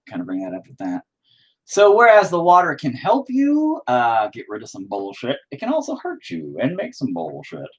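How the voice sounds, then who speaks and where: A man's voice: medium pitch, rough recording. A man chatting casually on a live stream while he paints, rambling, swearing often and joking at his own expense.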